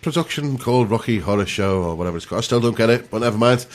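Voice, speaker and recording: Male radio host, lowish voice, breezy and joking with listeners. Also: expressive, racing. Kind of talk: chatty radio presenting.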